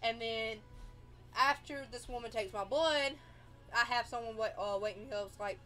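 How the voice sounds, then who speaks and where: A woman's voice: a little high, normal speed, pushed and bright, faint music behind. A young woman hosting a livestream, telling a personal story in a rambling, casual way and acting out the dialogue. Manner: rambling, acts out quoted dialogue. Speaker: livestream host.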